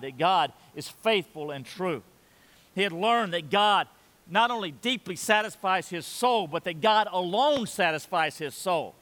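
A man's voice: high-pitched, pushed and bright, long reverb tail. An older man in his sixties preaching a sermon in a church, earnest, repeating phrases and leading the congregation in saying lines aloud. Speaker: pastor.

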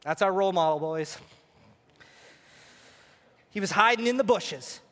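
A man preaching a sermon as pastor, animated and playful, speaking to a congregation. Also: high-pitched, unhurried, in a large hall. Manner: animated, preacherly, acts out voices. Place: church sanctuary.

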